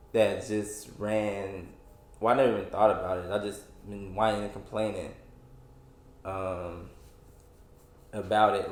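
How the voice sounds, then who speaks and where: An echoey room carries the lowish voice of a twenty-something podcast host ranting on his own. He rambles with frustration, stopping and restarting repeatedly and using many fillers.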